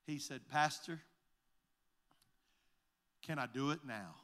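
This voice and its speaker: A male pastor telling a story in a sermon, recounting conversations line by line with many "I said, he said" turns and halting restarts. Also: mid-range voice, fairly bright tone. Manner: recounts conversations, retelling each exchange with repeated "I said, he said"; halting restarts and repeated words.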